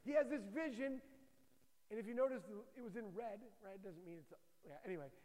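A man preaching a sermon to a room full of people, animated, acting out the people in the scripture story as he reads. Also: high voice, fairly quick, long reverb tail, rough recording. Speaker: pastor. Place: large hall with an audience.

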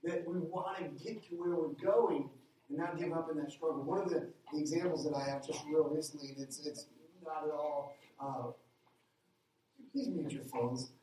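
A middle-aged man preaches, mixing reflection with a lively personal story. His voice rings around a very reverberant church hall, picked up from some distance, with a faint hum of the room behind him. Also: moderate pace. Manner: animated storytelling, jumps higher when excited. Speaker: pastor. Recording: echoey hall, heard from afar.

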